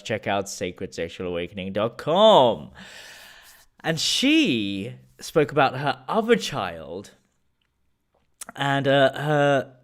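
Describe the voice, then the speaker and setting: Smooth-voiced man chatting on a live stream. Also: medium pitch. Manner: animated, storytelling, greets viewers by name. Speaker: livestream host. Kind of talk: casual live stream chat.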